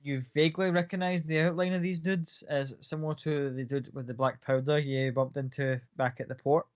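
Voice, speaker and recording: A man's voice: a little high, steady tone, a little fast, clean tone, no echo. A man running a tabletop game as game master, narrating casually with fillers and the odd swear word. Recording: dull lo-fi, dry.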